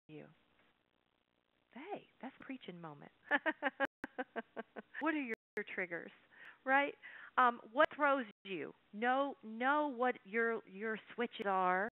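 A woman's voice: fairly high pitch, takes it slowly, pauses often, no room sound. Folksy webinar presenter, woman, talks straight to her audience; tinny, dry phone-like audio. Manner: folksy, animated storytelling with asides to the audience. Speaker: workshop presenter. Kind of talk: live webinar lecture.

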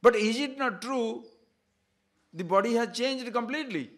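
A man giving a spiritual discourse, telling a fable in an animated way and checking in with his listeners as he goes. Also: very high-pitched, moderate pace. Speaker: spiritual teacher.

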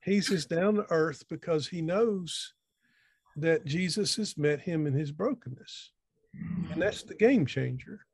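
A man's voice: fairly high pitch, measured pace, darkish tone, slightly rough, dry recording. A middle-aged man giving an informal, sermon-style talk over a video call, folksy and rambling, often restarting his sentences. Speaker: conference speaker.

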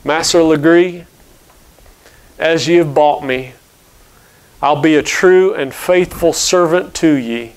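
Brief: a man doing a faithful old man, earnest and pleading, slow and measured, smooth clear voice, read from the pulpit. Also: fairly high pitch, lightly acted. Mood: resolute. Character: old, pious enslaved man, calm and steadfast.

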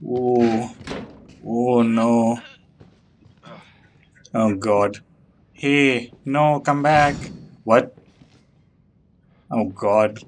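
Slow-talking joking male gamer. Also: medium pitch, fairly even intonation, slight background noise. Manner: joking, self-mocking, easily disgusted. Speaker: let's play commentator. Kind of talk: gameplay commentary.

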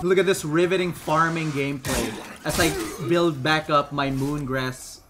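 A man's voice: a little high, unhurried, background noise. Screaming young gamer man. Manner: yells and screams at the game; swears often. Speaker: gaming video host. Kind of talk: gameplay commentary. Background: loud music.

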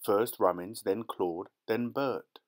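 A man narrating an audiobook in a measured, even storytelling manner. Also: on the low side.

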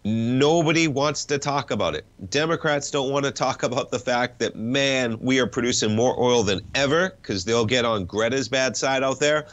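A man's voice: mid-range voice, normal speed, few pauses, a bit bright, muffled recording. A man hosting a financial talk show, chatting casually about markets with a stuffed-up nose and wry, rambling asides.

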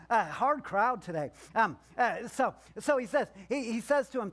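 Male pastor with a high voice, preaching casually in church, adding asides and doing character voices. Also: expressive, unhurried, fairly bright tone. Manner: conversational, joking, acts out voices of the story figures. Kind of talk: sermon.

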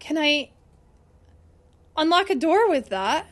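A woman streaming a horror game live, chatting to her viewers in an excitable, squeaky voice. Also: slow pace. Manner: excitable, chatty, talks to chat. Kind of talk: live gameplay commentary.

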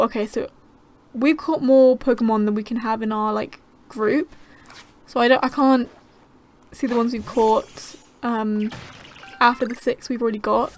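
A young woman giving casual, excitable gameplay commentary, gasping and chattering to the creatures on screen. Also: a little high, slight background noise. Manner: bubbly, gasping, easily excited. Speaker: gaming channel host.

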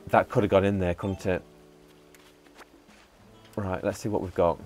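A lower-voiced man talks through his gameplay in a loose, chatty way, muttering to himself and the characters. He breaks into excited bursts now and then, with faint music playing behind him. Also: measured pace. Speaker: gaming channel host. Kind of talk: casual gameplay commentary.

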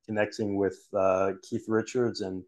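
A male podcast host asks brief, measured questions. His voice is very low, and his delivery stays flat and even. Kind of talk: interview questions.

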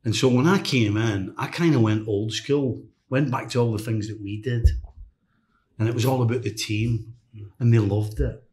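A middle-aged man tells stories from his coaching days as a podcast guest. He talks at an ordinary pitch in a casual, lively way and breaks into other people's voices for quotes. The sound has a roomy echo. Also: normal speed. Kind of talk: casual storytelling chat. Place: hotel room podcast set.

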